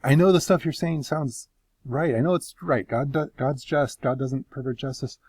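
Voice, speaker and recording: A man's voice: mid-range voice, expressive, moderate pace, a little mellow, dry recording, natural voice. Guy doing a worn-out sufferer pleading his case to god, passionate and bitter, dry close sound. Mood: frustrated. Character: anguished man arguing his innocence before God.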